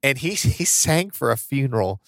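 A man co-hosts a podcast in relaxed, casual chat, telling funny stories and often breaking into laughter. His voice sits in a middle register, and the sound is dry and close. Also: mid-range voice, normal speed, vocal fry, no room sound. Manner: chatty storyteller, laughs often. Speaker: podcast co-host.

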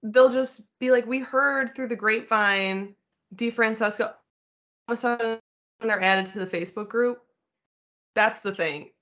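A woman hosts a relaxed podcast chat with a slightly high voice. The recording sounds a bit dull and lo-fi, and she laughs readily while trading family stories. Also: normal speed. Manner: chatty, laughs easily, agrees along. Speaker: podcast host. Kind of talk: casual chat.

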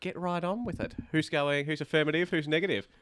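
A man hosting a casual debate podcast, playful, reading facts off in a brisk list. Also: fairly high pitch, steady tone, fairly bright tone, no echo, clean studio sound. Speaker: debate host.

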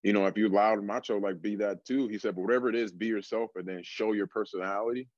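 Relaxed low-voiced male strength coach. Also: fast talker, dry recording, muffled recording. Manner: relaxed storytelling, many fillers like "like". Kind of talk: casual podcast conversation.

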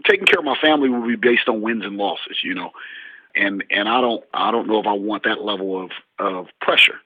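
A basketball coach in an interview, telling stories and acting out what people said. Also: male voice, on the low side, fairly quick, no room sound. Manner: animated storyteller, acts out dialogue. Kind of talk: interview storytelling. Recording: husky, tinny phone-like line.

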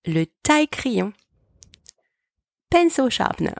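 Woman, language teacher, deliberate slow delivery, lowish pitch, dry close mic. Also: animated, gravelly, darkish tone, dry recording. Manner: slow, careful enunciation of words. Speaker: French teacher, podcast host. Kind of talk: language lesson with repeat-after-me drills.

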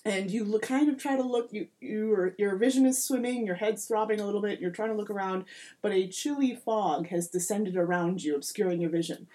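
A woman's voice: medium pitch, fairly quick, dark tone. A woman narrating a comedic tabletop game as game master, playful and rambling, often correcting herself mid-sentence.

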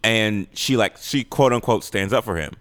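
Brief: male co-host, lowish voice, analytical and measured film talk. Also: fairly bright tone. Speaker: podcast co-host. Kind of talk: casual movie discussion.

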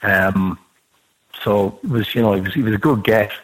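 A man's voice: on the low side, normal speed, low-quality recording. A man telling a rambling anecdote in a casual podcast chat, swearing freely as he goes. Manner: swears freely, animated storytelling.

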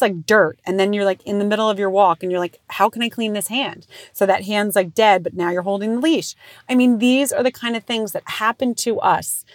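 A woman in her thirties hosting a podcast, telling parenting stories in a frank, profane way and laughing at herself as she goes. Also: no echo. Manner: swings into high squealing voices when quoting herself. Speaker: podcast host. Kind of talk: casual comedic monologue.

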